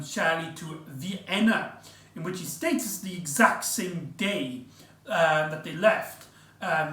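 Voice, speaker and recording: A man's voice: high voice, pushed and bright. A man casually reviewing an audio drama, rambling with lots of ums and restarts. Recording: echoey room, far from mic.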